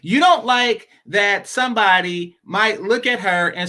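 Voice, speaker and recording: A man's voice: sits high, a little slow, hardly any pauses, bright, forceful tone. A man hosting a live-stream talk show, giving blunt, rambling commentary with many repeated words. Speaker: show host.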